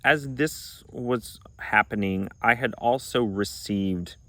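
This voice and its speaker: A man's voice: mid-range voice, takes it slowly, a bit bright, dry recording. A man from Arkansas telling a personal spiritual story in an earnest, reflective way, sometimes acting out remembered dialogue. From Arkansas, United States. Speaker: pagan vlogger.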